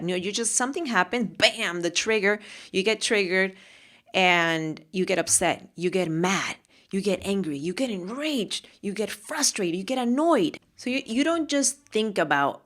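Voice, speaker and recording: A woman's voice: medium pitch, animated, measured pace, a bit bright. A woman hosting a solo motivational podcast, talking with passion and often repeating phrases for emphasis. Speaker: podcast host and mentor.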